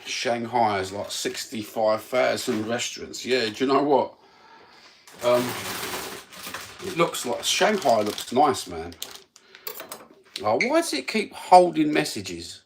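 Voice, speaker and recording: A man's voice: medium pitch, very animated, takes it slowly, long pauses, background noise. Sweary man on a livestream. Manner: crude, sweary banter. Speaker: livestream host. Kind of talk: casual livestream chat. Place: at home. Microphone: phone.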